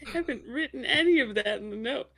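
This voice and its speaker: A woman joining a tabletop role-play, playful and a bit hesitant as she speaks. Her voice sits fairly high. Faint music plays behind her. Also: expressive, quick pace, fairly bright tone. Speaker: player.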